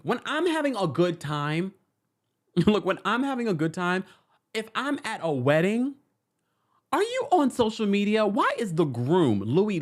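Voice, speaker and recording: A man hosting a casual reality TV recap, talking to his viewers and reading their comments aloud. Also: a little high. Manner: animated, acts out quotes, reads viewer comments.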